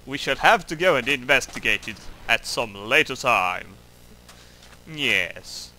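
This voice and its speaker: A man's voice: mid-range voice, animated, takes it slowly, pushed and bright, a little hiss or hum, low-quality recording. A man giving wry, self-mocking commentary while playing a game, grumbling at it as he goes. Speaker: gameplay commentator. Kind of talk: let's play commentary.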